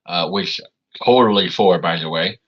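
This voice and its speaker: A man's voice: deep voice, normal speed. A man playing a tabletop role-playing game, laying out plans in a scheming way. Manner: scheming, suggests blowing things up. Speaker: player. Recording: dull lo-fi audio.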